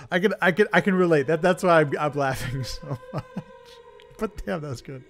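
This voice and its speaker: A man's voice: a little high, measured pace, soft background music. A man live-streaming a retro game, chatting with viewers and laughing at his own mistakes. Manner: animated, laughing, self-deprecating, talks to chat. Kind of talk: live gameplay streaming chat.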